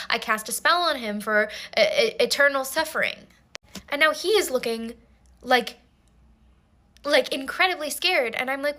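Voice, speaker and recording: Brief: young woman, high bright voice, deadpan-serious comic storyteller who trips over her words. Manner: mock-earnest, rambling with restarts. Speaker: TikTok storyteller. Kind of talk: comedic storytime monologue.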